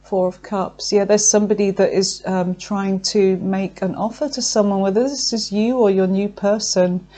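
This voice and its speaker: Woman, tarot reading to camera, effusive, emotional, fillers and pauses, medium pitch. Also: fairly even intonation, mellow. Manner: effusive and emotional, thinking aloud with many fillers. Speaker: tarot reader.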